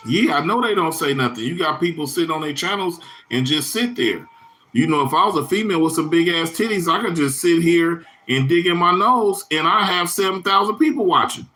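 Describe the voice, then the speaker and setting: A man's voice: on the high side, lively intonation, fairly quick, sharp tone. A man hosting his own livestream in a loose, rambling, profane way, full of slang and answering viewers' chat comments by name. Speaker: livestream host.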